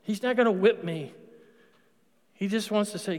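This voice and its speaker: Middle-aged male preacher with a high voice, chatty and emphatic, echoing through a big church hall. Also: moderate pace, long pauses, darkish tone. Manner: conversational, storytelling, with emphatic punches. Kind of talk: sermon. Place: church sanctuary. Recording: long reverb of a large hall.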